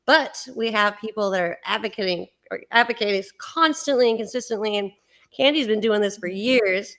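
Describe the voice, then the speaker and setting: A woman hosting a live-stream talk, chatty and excited, with many fillers. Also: mid-range voice, moderate pace. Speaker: host. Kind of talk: casual live-stream chat.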